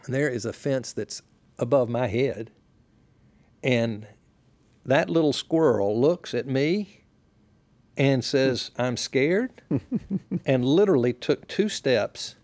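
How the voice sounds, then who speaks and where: A man, a pastor, talking as a podcast guest in a relaxed, reflective way, sharing stories unhurriedly and often restarting his sentences. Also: mid-range voice, slow pace, pauses often, no echo. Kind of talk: relaxed conversational storytelling.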